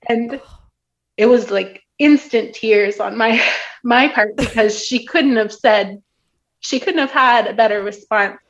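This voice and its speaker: A woman guest on a podcast gently recounting a personal story in casual conversation. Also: fairly high pitch, a little slow. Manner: gentle storyteller with soft laughs. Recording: dull lo-fi remote line.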